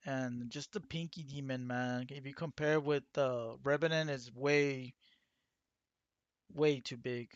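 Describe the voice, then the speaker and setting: A man's voice: medium pitch, fairly even intonation, slow, smooth, dry recording, lo-fi sound. A man hosting his own channel, talking casually and rambling with many fillers and restarts. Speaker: channel host. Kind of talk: casual talk to camera.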